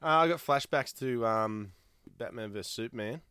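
A man co-hosting a casual podcast, loud and sweary, laughing a lot. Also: medium pitch, normal speed, clean tone, dry recording, clean studio sound. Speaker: podcast co-host. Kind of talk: casual chat.

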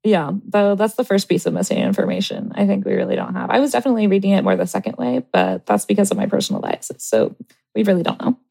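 A woman guest on an advice podcast, talking in a thoughtful, even way. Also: mid-range voice, quick pace, gravelly. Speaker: podcast guest, math tutor. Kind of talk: casual advice chat.

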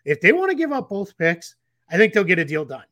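A man's voice: high voice, wildly swooping pitch, a little fast, pushed and bright, no room sound, studio quality. A man co-hosting a casual basketball podcast, rambling with restarts and fillers. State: getting the hiccups. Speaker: podcast co-host analyst.

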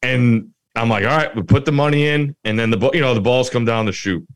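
Laughing, animated male storyteller. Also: medium pitch, fairly quick. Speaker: podcast co-host. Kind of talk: casual chat.

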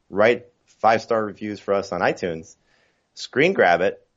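A man's voice: low voice, fairly quick, dull audio. A man talking fantasy football as a podcast guest, chatty and full of fillers and restarts. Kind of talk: casual podcast chat.

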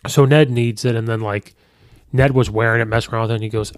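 A man's voice: medium pitch, little pitch movement, quick pace, no room sound, studio quality. A man hosting a podcast, giving a casual, rambling movie review with many fillers and restarts. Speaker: podcast host.

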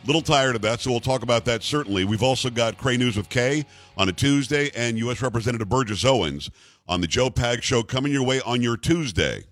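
A man's voice: medium pitch, animated, fairly quick, a bit bright, faint music behind. A man hosting a talk radio show, delivering a sarcastic, emphatic political monologue into a studio microphone.

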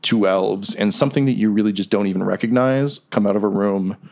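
A man's voice: lowish voice, brisk, darkish tone. A man running a tabletop game as game master, narrating in a rambling way with many fillers and frequent laughs.

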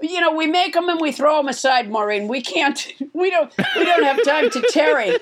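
A woman's voice: high-pitched, lively intonation, moderate pace, background noise. A woman hosting a comedy podcast, wry and playful, often stammering as she works toward a point. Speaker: podcast host. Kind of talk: casual comedic podcast banter.

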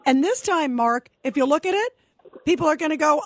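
A woman's voice: high voice, brisk, dry recording. A woman radio talk show host from Brooklyn, giving emphatic, opinionated commentary and taking callers. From Brooklyn, New York. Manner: emphatic, opinionated, takes calls.

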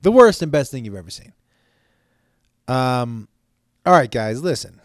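A man's voice: mid-range voice, big pitch swings, a little slow, no echo, clean studio sound. A man hosting his own podcast in casual solo chat, rambling and jokey, swearing freely, with stammered restarts. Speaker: podcast host.

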